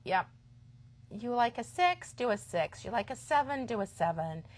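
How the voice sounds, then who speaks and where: A woman in her fifties hosting a live stream for a yarn shop, chatting casually and enthusiastically, sometimes dropping to a quiet aside. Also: fairly high pitch, animated, normal speed. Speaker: shop host. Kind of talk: live-stream product chat.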